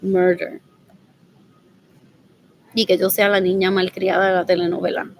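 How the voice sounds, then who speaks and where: A woman talking straight to camera in a rambling, agitated way, scornful and quick to insult. Her voice has a gravelly fry to it, and a faint hiss sits underneath. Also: on the low side, level tone, poor audio. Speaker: vlogger.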